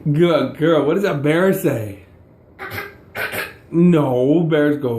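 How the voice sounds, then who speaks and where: A man's voice: a little high, takes it slowly. A man playing animal-sound games with a toddler, asking sing-song questions and teasing her with a chuckle. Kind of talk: playful talk with a small child. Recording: echoey room with faint noise.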